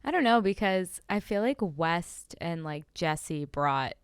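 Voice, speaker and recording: A woman's voice: fairly low pitch, lively intonation, slow pace, smooth, no room sound, clean studio sound. A young woman co-hosting a podcast, chatting casually and hedging her remarks in an easygoing way. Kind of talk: casual chat.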